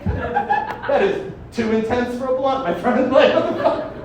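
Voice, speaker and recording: A man performs stand-up in a very high voice, profane and self-mocking, chuckling at his own punchlines. The room is very echoey, and he sounds a bit far from the mic. A clear layer of noise sits under the recording. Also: wildly swooping pitch, unhurried. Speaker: stand-up comedian. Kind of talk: stand-up set. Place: comedy club stage. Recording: echoey club recording, heard from a distance, with noise. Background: audience laughter.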